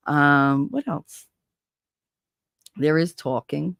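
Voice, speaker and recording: A woman's voice: low voice, lively intonation, takes it slowly, gravelly, no echo. A middle-aged woman with a New Jersey accent, hosting a casual livestream chat in a candid, profane, chatty way. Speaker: livestream host.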